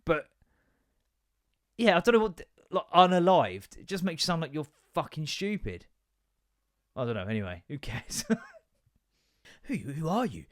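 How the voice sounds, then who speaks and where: A man's voice: on the high side, big pitch swings, moderate pace, pauses often, no echo, clean studio sound. Sweary rambling man. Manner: sweary, rambling, with frequent asides. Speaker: podcast host. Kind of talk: casual comedic rant.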